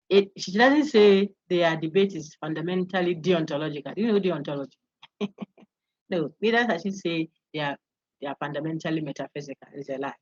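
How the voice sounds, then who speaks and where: A woman lecturer walks her online class through quiz answers, explaining each option and calling on students by turn. Her voice sits low and comes through dry and slightly muffled over the call. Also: no echo. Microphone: video call.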